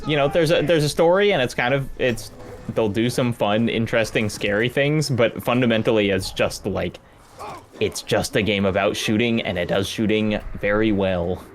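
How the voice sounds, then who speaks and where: A man's voice: on the low side, moderate pace, slight background noise. A man casually chatting about video games as a guest, thinking aloud with many restarts. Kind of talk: casual gameplay commentary.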